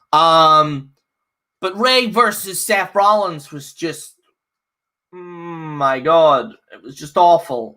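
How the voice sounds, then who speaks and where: A man's voice: sits high, sharp tone. A man hosting a casual live review, rambling and exasperated, with many fillers and restarts. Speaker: host reviewing a wrestling show.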